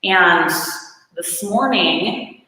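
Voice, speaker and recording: Woman, fitness instructor, bright edge, slightly rough morning voice, chatty with ums, recorded in a reverberant room. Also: fairly low pitch, extremely slow. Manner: chatty and encouraging, frequent ums. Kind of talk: live-streamed workout class instruction. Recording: very echoey room with long reverb.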